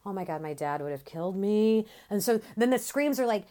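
Woman telling a story in an animated way. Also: mid-range voice, fairly quick, few pauses. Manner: conversational, animated storytelling, casual swearing. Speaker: storyteller in a dramatic monologue. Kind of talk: theatrical monologue.

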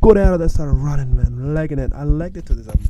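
A young man from Australia telling a frightening personal story in a casual, animated way, often ending phrases with "man". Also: on the high side, fast talker, background noise. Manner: animated, self-mocking, acts out his own panic; repeats lines and ends phrases with "man". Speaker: podcast storyteller.

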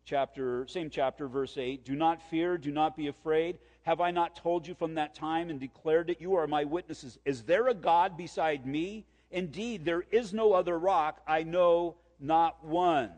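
A man's voice: a little high, a little mellow. Emphatic preacher man in a reverberant hall. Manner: emphatic, repeats key points, reads scripture slowly. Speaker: pastor. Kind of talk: sermon.

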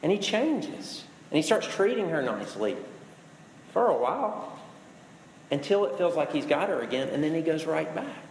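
A man's voice: a little high, sing-song, moderate pace, darkish tone, slight background noise. A man preaching a sermon, speaking earnestly and addressing his listeners directly with shifting emphasis. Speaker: pastor. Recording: echoey hall with long reverb.

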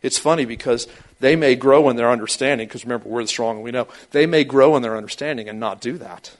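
In this sermon, the pastor moves at a quick pace, acting out quotations with lively delivery and sudden bursts into a high register.

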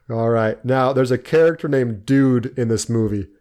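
An upbeat man in an easygoing podcast chat, reeling off movie facts with eager energy and quick laughs. His voice sits at an ordinary middle pitch. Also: dark tone. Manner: enthusiastic, laughs often. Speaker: podcast co-host.

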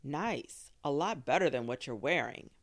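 A woman doing a loud, good-humoured older neighbor man. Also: low-pitched, animated, normal speed. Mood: amused. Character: gray-haired older male neighbor, easygoing tinkerer. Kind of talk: audiobook reading.

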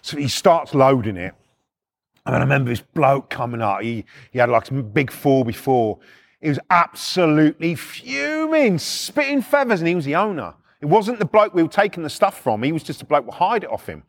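A middle-aged man telling a rough, profane story in casual chat, acting out the other people's voices as he goes. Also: fairly high pitch, normal speed. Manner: animated, swears constantly, acts out voices. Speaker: podcast storyteller.

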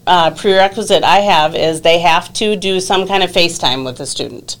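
A woman's voice: fairly low pitch, normal speed. Woman on a podcast talking about her program, friendly and chatty. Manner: friendly, explanatory, with fillers. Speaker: exchange program coordinator. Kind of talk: casual interview talk.

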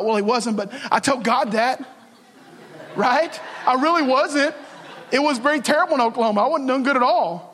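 A man's voice: extremely high pitch, normal speed, fairly bright tone. A man preaching a casual, emphatic sermon as pastor, talking to the congregation and acting out his prayers to God. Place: church sanctuary. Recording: long reverb of a church hall.

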